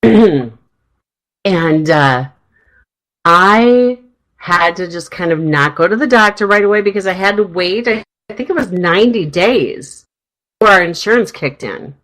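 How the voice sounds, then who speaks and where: A middle-aged woman hosting a radio talk show, chatting in a rambling way with a slightly hoarse throat. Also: lowish voice, fairly bright tone, rough recording. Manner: chatty, rambling, laughs often. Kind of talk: casual chat.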